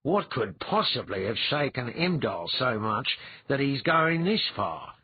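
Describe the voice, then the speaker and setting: A man's voice: mid-range voice, sing-song, unhurried, husky, dry recording, narrow, tinny audio, voice pushed up, full character voice. A man voicing an anxious senior male priest in an audiobook, fretful and easily alarmed. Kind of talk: audiobook character voice.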